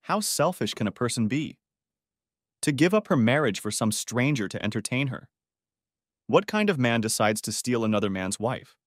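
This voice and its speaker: A man narrating a dramatic audiobook story in an expressive voice, close to the microphone. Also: mid-range voice, moderate pace, no echo.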